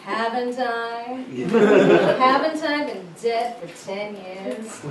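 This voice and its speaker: A woman's voice: on the high side, slow pace, over a noisy crowd. A woman in her thirties doing a stand-up comedy set on stage, with a dry, self-deprecating delivery. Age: 30s. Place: comedy club stage with audience laughter. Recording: echoey room, distant mic, loud ambience. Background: audience laughter.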